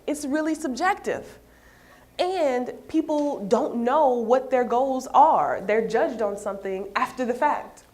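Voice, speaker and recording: A woman giving a workplace training talk to a room of staff, lively and conversational, telling stories with quoted dialogue. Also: fairly high pitch. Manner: animated, storytelling with acted quotes. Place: room with an audience.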